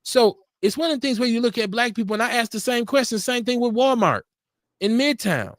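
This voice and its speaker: Animated, laughing male talk show host. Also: very high voice, fairly quick, dry recording, clean studio sound. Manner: animated, laughing storyteller acting out quotes. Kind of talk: casual radio talk show banter. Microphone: studio mic for a live stream.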